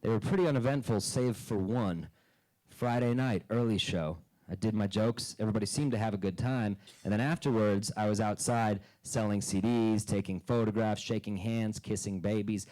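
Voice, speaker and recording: A man doing a stand-up comedy set on a club stage into a handheld mic, dry and deadpan, breaking into loud character bits. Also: fairly low pitch, normal speed, poor audio.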